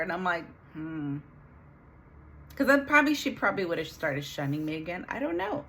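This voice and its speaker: A woman's voice: mid-range voice, animated, a bit bright. Earnest woman telling a family story. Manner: earnest, halting, with many restarts and fillers. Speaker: vlogger. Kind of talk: emotional personal storytelling.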